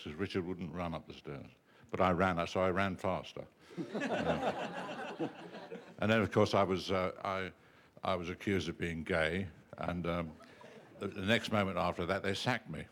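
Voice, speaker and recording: A very deep-voiced man, an actor, spinning anecdotes at a panel. His humor is wry and self-deprecating, and his delivery is loose and conversational. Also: moderate pace, fairly bright tone.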